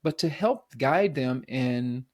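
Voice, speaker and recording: A man hosting a podcast, talking reflectively in a thoughtful, halting way with many restarts. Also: medium pitch, lively intonation, a little mellow. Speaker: podcast host. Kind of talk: reflective conversation.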